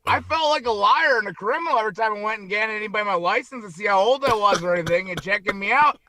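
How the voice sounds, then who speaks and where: A man's voice: sits high, quick pace, sharp tone, slight background noise. A man talking as a radio guest, upbeat and jokey as he tells stories in casual chat. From United States.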